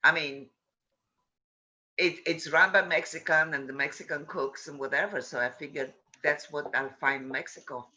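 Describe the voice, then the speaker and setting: A man with a bright, tense voice muses aloud, drawing his remarks out slowly. He is a comedian guest chatting casually on a video call. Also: fairly high pitch, fairly even intonation, highs cut off.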